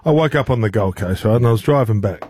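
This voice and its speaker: A man's voice: on the low side, animated, fast, darkish tone, slight background noise. An Australian man co-hosting a radio show, teasing the others and telling a story. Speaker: radio host. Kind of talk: bantering radio chat.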